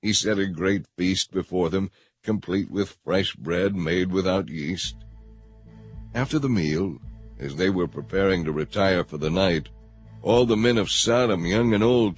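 A man with a low voice reading scripture in a measured, steady way. His narration is calm and even-paced. Faint music plays behind him. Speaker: scripture reader.

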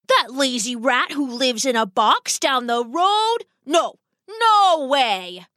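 A woman's voice: high voice, sing-song, unhurried, bright, forceful tone, no room sound, clean studio sound, voice pushed up, full character voice. A woman voicing an old, pompous, dramatic male rat father in a storybook tale, blustering and theatrical. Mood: indignant.

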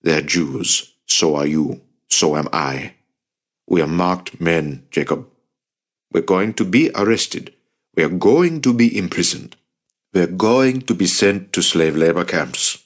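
A man's voice: sits low, animated, slow, exaggerated voice. A man voicing a grim, determined older uncle who speaks with firm urgency in an audiobook. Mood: grimly urgent.

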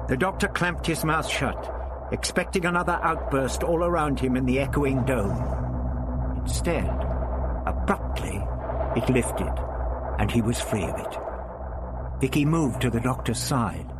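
A man's voice: mid-range voice, animated, unhurried, long pauses, very noisy. A man reading a science fiction novel aloud with vivid, dramatic storytelling. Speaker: audiobook reader.

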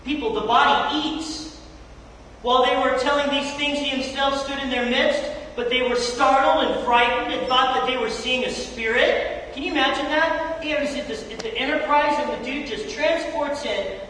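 A preacher giving a sermon in a church sanctuary, animated and casual, acting out scripture scenes in slangy everyday talk. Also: high voice, normal speed. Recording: echoey church hall, distant mic, faint noise.

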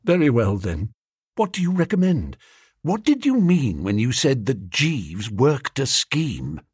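A man voicing a lovesick young gentleman who talks earnestly and anxiously. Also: mid-range voice, huge pitch swings, measured pace, slightly rough, no room sound, studio quality, full character voice. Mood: fretful. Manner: earnest, fretful, pleading.

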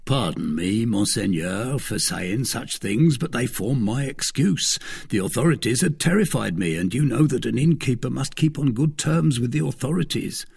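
A man voicing a timid, trembling male innkeeper in a storybook reading, speaking slowly and pleadingly. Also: medium pitch, expressive, gravelly, a little mellow, slightly rough. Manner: slow, pleading, deferential.

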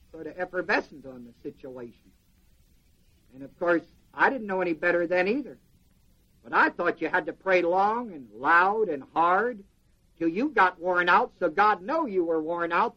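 A man preaching a sermon in an animated way, quizzing the congregation with questions. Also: high voice, moderate pace. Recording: dull lo-fi sermon recording.

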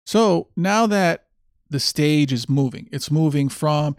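Sardonic man with a gravelly voice. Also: a little high, slow, dry recording, studio quality. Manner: sardonic, mocking. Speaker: podcast host. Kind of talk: monologue commentary.

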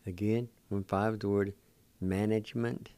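A man's voice: lowish voice, level tone, normal speed, warm tone, smooth, dry recording. A man hosting a radio language lesson, patiently spelling words out syllable by syllable and encouraging his listeners to practice. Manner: encouraging toward learners. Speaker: radio host teaching Cherokee words.

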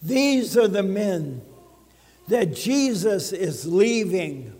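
A man preaches a sermon in a church, his voice riding high for a man and unhurried in delivery. He speaks emphatically and checks in with the congregation. The sound carries a long hall reverb. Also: very animated, darkish tone, breathy edge. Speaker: pastor. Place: church sanctuary.

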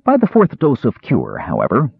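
Guy reading a fantasy audiobook, husky, super dry tinny phone-like sound. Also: mid-range voice, normal speed, no echo. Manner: very expressive, wide-ranging delivery. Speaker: audiobook narrator.

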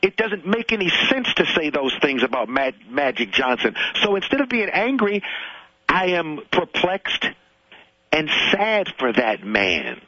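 A man's voice: fairly high pitch, unhurried, breathy edge, dry recording, dull audio. A man, a guest comedian, telling stories in a casual radio interview, often repeating words as he gets going. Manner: animated storyteller, repeats words when starting.

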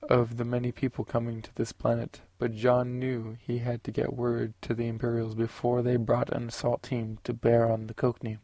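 A man narrating a science fiction audiobook in a steady, unhurried way. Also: mid-range voice, no room sound.

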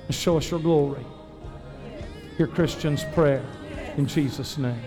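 A high-voiced man leads a church revival. He preaches fervently, then drops to gentle asides and prayer. Faint music plays in the sanctuary behind him. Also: unhurried, long pauses. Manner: fervent, swings from loud preaching to soft personal asides. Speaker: pastor leading a revival service. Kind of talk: revival sermon and altar prayer.

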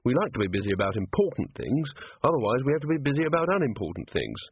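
A man voicing a calm, steady young female watch officer who speaks in a level, deliberate way. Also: mid-range voice, a little hiss or hum. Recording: tinny phone-like audio.

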